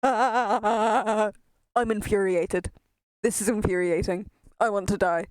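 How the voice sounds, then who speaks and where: Streaming a game, a woman speaks slowly with a steady, medium-pitched voice and no echo. Her casual chat is exasperated, self-mocking, and full of swearing, and a headset mic near her face picks up her breathing.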